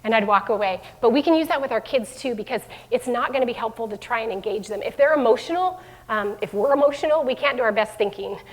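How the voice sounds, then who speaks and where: Middle-aged lady presenting to parents, kinda high voice, lots of um and restarts, echoey hall. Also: fast talker. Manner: warm conversational speaker with many fillers and restarts. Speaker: school division head giving a parenting talk. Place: room with an audience. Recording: long hall reverb.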